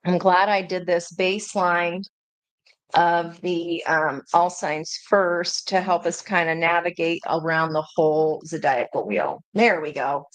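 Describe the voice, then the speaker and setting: A woman's voice: on the low side, fairly even intonation, a little slow, no room sound. A woman giving a chatty live tarot reading, talking intuitively and laughing and exclaiming often. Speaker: tarot reader.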